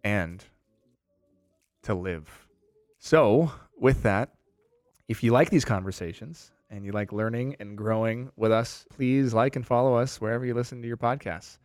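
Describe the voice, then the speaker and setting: A man's voice: medium pitch, measured pace, dry recording, clean studio sound, soft background music. A man hosting a podcast, talking in an earnest, effusive and self-reflective way. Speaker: podcast host.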